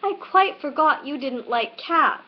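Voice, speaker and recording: Earnest, chatty storybook girl who rambles on with polite eagerness, as a woman reading voices her; bright and high, dull webcam sound. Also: expressive, a little slow.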